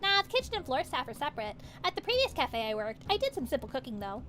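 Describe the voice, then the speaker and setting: Excitable young maid cafe girl, voiced by a woman: high, bright, cute, quick to get defensive. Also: faint music behind. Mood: bubbly.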